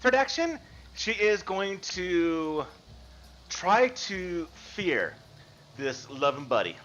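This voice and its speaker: Male game master, animated narrator, bright forceful voice, dull lo-fi call audio. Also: high voice, slow pace. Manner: animated, rules-explaining narration. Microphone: video call. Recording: dull lo-fi mic.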